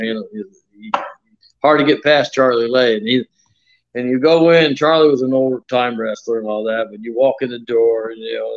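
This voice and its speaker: Older man, mid-pitched, folksy rambling storyteller, slightly muffled interview audio. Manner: folksy, acts out quoted voices, many fillers. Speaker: retired pro wrestler, interview guest.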